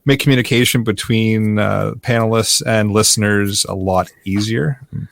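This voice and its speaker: A Canadian man hosting a casual podcast chat, relaxed and chuckling as he runs through the segments. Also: lowish voice, moderate pace, creaky, no room sound. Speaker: podcast host.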